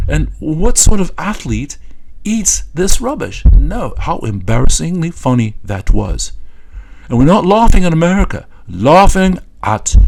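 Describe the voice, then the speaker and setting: A man's voice: a little high, creaky, darkish tone, a little hiss or hum, rough recording. A man giving satirical political commentary in a mocking, scornful way, with many hesitant fillers.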